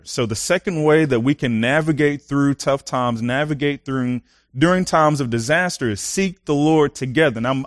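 A young man preaching a sermon, casual and animated, telling personal stories with lots of fillers and laughs. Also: a little high, dry recording, studio quality.

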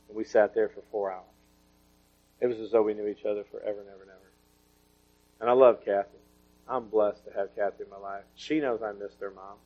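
A man, preaching a sermon full of personal testimony and told in a folksy, storytelling way. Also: medium pitch. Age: 40s. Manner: folksy storytelling with laughter and swings in volume. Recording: dull lo-fi recording.

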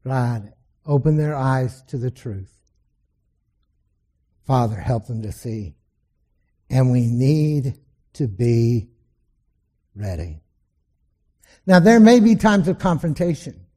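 A man's voice: medium pitch, very animated, slow, pauses often, mellow, breathy edge. A male pastor preaching a sermon in an emphatic, storytelling way.

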